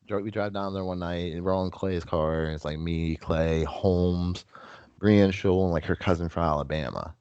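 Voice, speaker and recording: A young man with a Western Pennsylvania accent tells a rowdy bar story in a low, deep voice. He rambles and swears, acting out drunk friends with sudden jumps in pitch. The mic is close and the sound is dry. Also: steady tone, normal speed, darkish tone, smooth, no echo, muffled recording. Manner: rambling, profane, acts out quotes with big swings. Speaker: podcast guest. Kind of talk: casual storytelling.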